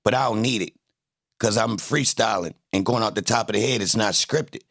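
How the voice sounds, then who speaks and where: A man hosting a livestream, talking in a casual, animated, boastful way full of profane trash talk. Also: lowish voice, moderate pace, creaky. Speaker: livestream host.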